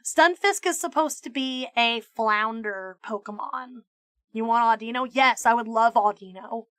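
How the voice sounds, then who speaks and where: The VTuber streamer's high, bright voice comes across close and dry, free of room echo. She talks casually on stream, ranting in an over-the-top, swear-filled way and stammering through quick restarts.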